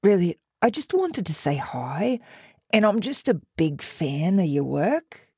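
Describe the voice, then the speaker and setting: A woman's voice: lowish voice, completely flat delivery, takes it slowly, slightly rough, dry recording. A woman voicing a breathless, giggly young female fan in an audiobook reading. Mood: starstruck. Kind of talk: audiobook narration.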